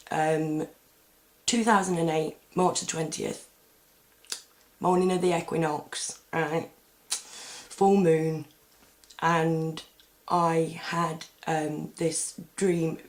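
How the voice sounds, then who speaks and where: A woman talking casually to camera in a meandering, chatty way, full of ums and restarts. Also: on the low side. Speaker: vlogger. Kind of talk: casual rambling monologue.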